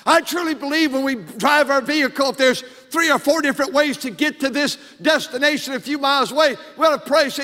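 High-voiced older pastor preaching with fervor. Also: male voice, fairly quick, few pauses. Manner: fervent preaching, rising to shouted emphasis. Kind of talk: sermon. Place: church sanctuary. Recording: long hall reverb.

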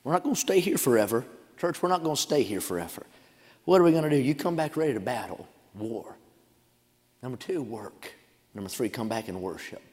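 A man preaching a revival sermon in a church sanctuary, shouting and chanting his points, then dropping into quieter storytelling asides. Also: mid-range voice, big pitch swings, brisk. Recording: long hall reverb.

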